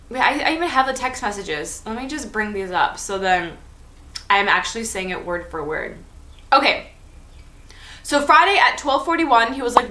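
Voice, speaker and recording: A woman's voice: a little high, lively intonation, moderate pace, pushed and bright, echoey room. A young woman telling a story on her vlog in a chatty, enthusiastic way, full of "like". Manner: chatty, enthusiastic, heavy use of "like". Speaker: vlogger. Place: room at home.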